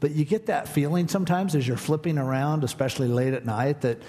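A man preaching a sermon, conversational and humorous, animated as he tells a story. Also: on the high side, brisk, in a large hall. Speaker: pastor.

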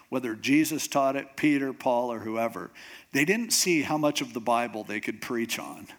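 A middle-aged man preaching a conversational sermon as pastor, acting out his own thoughts as he goes. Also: mid-range voice. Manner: conversational, animated preaching with quoted inner thoughts.

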